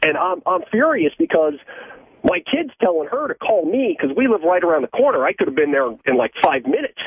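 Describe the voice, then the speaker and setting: Male caller, from Ohio, husky high voice, very lively pitch, agitated, tinny phone line. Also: a little fast, no echo. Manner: agitated, profane storytelling. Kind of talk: phoned-in story.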